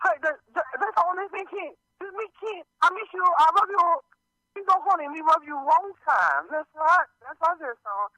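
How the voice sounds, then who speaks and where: A flirty caller coos in broken English into an answering machine, as someone puts him on. The voice is high, lively and bright. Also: moderate pace, no room sound, heavily acted, low-quality recording. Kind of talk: prank voicemail.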